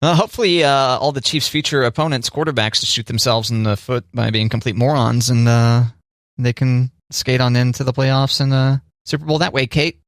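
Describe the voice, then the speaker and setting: Studio-quality audio with no room sound captures a medium-pitched man speaking fairly quickly with fairly even intonation. He's a podcast co-host in casual conversation, poking fun at himself, easygoing, and often restarting or using fillers.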